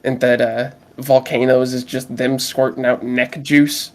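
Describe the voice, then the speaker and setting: Laid-back joking man, mid-pitched. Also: level tone, a little slow. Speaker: podcast co-host. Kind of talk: casual chat.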